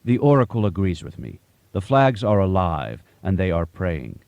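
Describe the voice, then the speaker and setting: A man voicing a calm, cryptic Buddhist master who speaks gently, with certainty and teasing questions. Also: low-pitched, normal speed, no echo.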